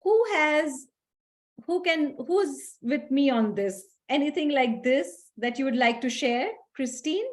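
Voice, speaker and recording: A middle-aged woman leads a workshop talk in a somewhat high voice. She speaks slowly and acts out scenes from her own stories as she tells them. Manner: animated storyteller, acts out scenes. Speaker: guest speaker.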